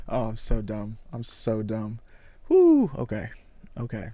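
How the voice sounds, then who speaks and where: A man reading a comic aloud and reacting with excited exclamations and casual slang. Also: fairly low pitch, no room sound.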